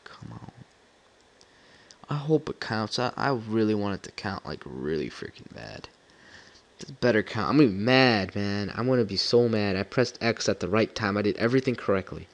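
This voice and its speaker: A young man with a lowish, animated voice talks at normal speed as a gameplay commentator. Over a space game tutorial he rambles casually, cracking jokes and getting flustered while he plays.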